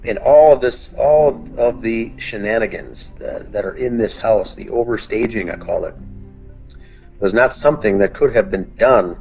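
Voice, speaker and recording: A man's voice: lowish voice, expressive, moderate pace, vocal fry, darkish tone. Man laying out facts one by one, kinda muffled lo-fi sound, light music behind. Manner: methodical, lists facts point by point. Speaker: podcast co-host, group admin. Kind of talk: detailed discussion.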